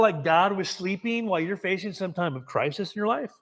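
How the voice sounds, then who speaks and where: High-voiced American man preaching. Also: expressive, fast, hardly any pauses, fairly bright tone. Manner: storytelling, asks the congregation questions; restarts words often. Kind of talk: sermon.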